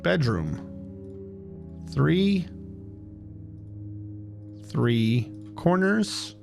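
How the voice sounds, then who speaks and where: Male streamer, a touch high-voiced, casual game commentary with wry asides, light music bed. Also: sing-song, very slow, creaky. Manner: wry, sarcastic asides while reading game text aloud.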